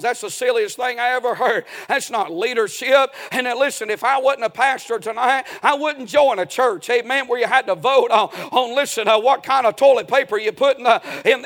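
A man's voice: very high voice, a bit bright. A man preaching a folksy, emphatic sermon as a pastor in a church.

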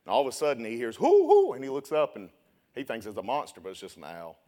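A young man preaching a sermon, telling a story and then building to loud, shouted preaching. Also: medium pitch, expressive, fast.

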